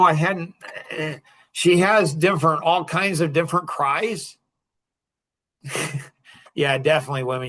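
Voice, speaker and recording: An older man in his sixties hosts a podcast and tells a story from his own life. His tone is bright and his pitch sits a little high. He laughs and acts out the lines of dialogue with bursts of excitement. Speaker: podcast host. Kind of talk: personal storytelling.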